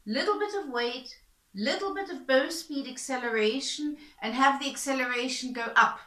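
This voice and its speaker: A woman violin teacher explaining bowing technique in a calm, patient, step-by-step way. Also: high-pitched, moderate pace. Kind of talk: instructional explanation. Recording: echoey room. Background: violin playing between explanations.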